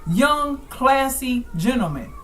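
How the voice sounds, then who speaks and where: A woman's voice: sits high, expressive, slow. A woman hosting a talk show, speaking emphatically and addressing listeners directly.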